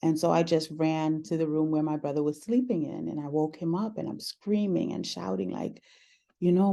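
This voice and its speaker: A woman talking through a personal story in conversation, earnest and reflective, often pausing with "um". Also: low-pitched, fairly even intonation, vocal fry, mellow. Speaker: podcast host sharing her story as guest.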